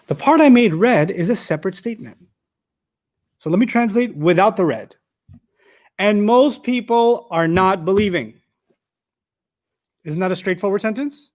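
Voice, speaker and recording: A man's voice: sits high, animated, moderate pace, long pauses, a little mellow. A man teaching a live class, explaining step by step and asking the room rhetorical questions, with joking asides.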